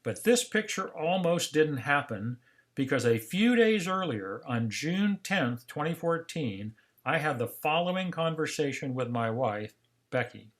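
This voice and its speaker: An older man lecturing in a seminar, telling a personal story calmly and acting out remembered dialogue. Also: a little high, measured pace. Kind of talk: scripted seminar narration.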